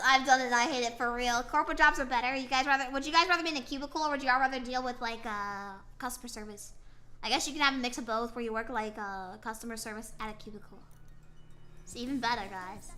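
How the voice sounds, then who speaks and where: Young woman streamer, high, very bright voice, rambling self-mocking chat, soft music behind. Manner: rambling, playful, self-mocking, with frequent fillers. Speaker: VTuber streamer. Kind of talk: casual chat while drawing on stream.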